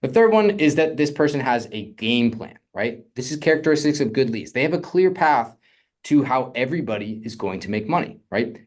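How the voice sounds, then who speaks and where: Young man, casual coaching monologue, energetic, conversational, mid-pitched voice. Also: fairly quick. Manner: energetic, conversational, asks "right?" often. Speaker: real estate funding coach.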